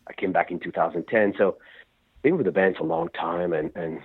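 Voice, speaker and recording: A man, a rock singer, telling stories in a rambling, animated way during an interview. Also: low-pitched, a little fast, breathy edge. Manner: rambling, animated storytelling with restarts. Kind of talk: phone interview. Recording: tinny phone line.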